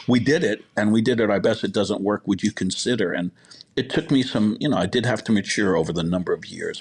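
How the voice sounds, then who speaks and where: Husky and fairly low-pitched, this middle-aged man's voice carries long stories from his job in hospitality management. As a podcast guest in a relaxed storytelling interview, he rambles, uses plenty of fillers, and quotes what people said.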